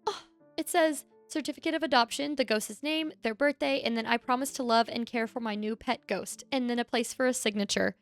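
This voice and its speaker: High-voiced, effusive young woman co-host. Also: brisk, soft background music. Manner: emotional, effusive. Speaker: podcast co-host. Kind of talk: casual chat.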